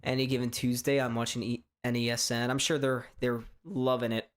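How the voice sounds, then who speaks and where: A man from hosting a live sports reaction stream, chatting casually in a strained, hoarse voice, rambling and stammering through restarts. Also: medium pitch, flat delivery, a little fast. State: voice straining from shouting. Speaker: sports fan livestream host.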